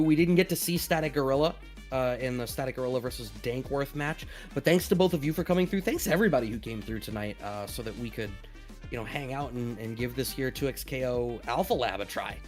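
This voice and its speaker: A man commentating a fighting game tournament, quick and animated, now and then swearing casually. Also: medium pitch. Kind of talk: esports play-by-play commentary.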